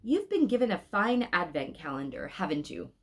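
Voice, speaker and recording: A woman voicing a kind old man who sells flowers in a storybook, speaking slowly and gently. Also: lowish voice, very animated. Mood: gentle. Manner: slow, warm, drawn-out speech.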